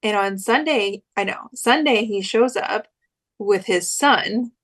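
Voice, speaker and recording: A young woman co-hosting a podcast speaks at medium pitch and takes her time. In a casual chat, she tells a story and acts out the quoted lines.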